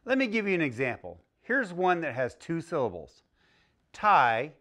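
A man teaching young children a phonics lesson, speaking slowly and clearly with an exaggerated teaching delivery. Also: fairly high pitch, huge pitch swings, fairly bright tone. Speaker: early-learning teacher.

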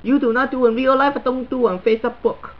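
A man's voice: very high voice, fairly even intonation, fairly quick, muffled recording. A man doing a crude Chinese guy with a heavy ranting style. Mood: grumbling. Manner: broken English, crude and blunt, stuttering repeats. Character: crude, blunt middle-aged Chinese man, new to social media. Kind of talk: comedic character monologue.

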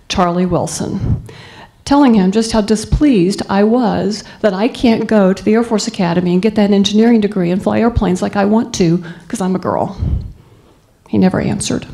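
Mellow-voiced woman telling a motivational story. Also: medium pitch, creaky. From Southeast Texas. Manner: storytelling, earnest and emphatic. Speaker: guest speaker. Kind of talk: motivational speech to students.

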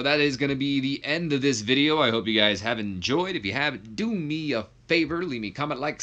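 A young man gives laid-back, jokey commentary over a wrestling management game. His voice sits a little low but sounds bright and forceful, and it jumps high whenever something exasperates him. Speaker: YouTuber playing a wrestling sim.

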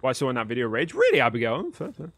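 Lively young male game streamer. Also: medium pitch, very fast, creaky, dry recording. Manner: animated, swearing, chatty with viewers. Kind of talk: live stream commentary and chat.

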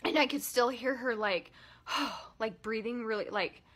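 Bright-voiced tearful woman telling a story. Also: a little high. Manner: emotional, halting, many "like" fillers. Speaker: vlogger. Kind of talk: personal storytelling vlog.

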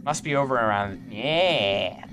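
A man's voice: medium pitch, animated, measured pace, noisy background. A young man doing let's play commentary, goofy and joking, swearing as he plays. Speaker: gaming youtuber.

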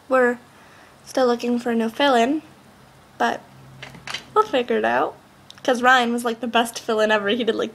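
Chatty teenage girl with a gravelly edge. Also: high voice, a bit bright. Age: teen. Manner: bubbly, chatty, rambling with lots of "like". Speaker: vlogger. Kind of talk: casual vlog chat.

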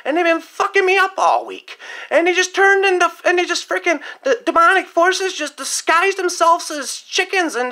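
Woman putting on a jittery stoner farmhand, high bright voice, rambles and swears, says man a lot. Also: exaggerated voice. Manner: rambling, repeats "man" constantly, swears often. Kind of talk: comedic story-time monologue.

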